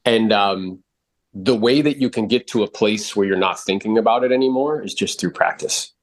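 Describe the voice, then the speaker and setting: A man coaching after a live role-play call, blunt and animated, swearing freely and jumping into exaggerated voices to act out quotes. His voice sits fairly low and sounds close and dry, with no room echo. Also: normal speed. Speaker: real estate coach and podcast host.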